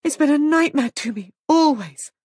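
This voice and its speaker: A frightened young woman pleading in a high, frantic voice, as a woman narrator puts her on. The tone stays husky under the strain. The recording is close and dry. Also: moderate pace, mellow, dry recording. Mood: distraught.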